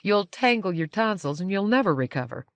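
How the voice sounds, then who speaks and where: A woman reading the part of an older aristocratic woman, curious and a bit haughty, with a lively, inquisitive delivery. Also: mid-range voice, a little fast, dry recording, pitched above the performer's own voice. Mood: playful.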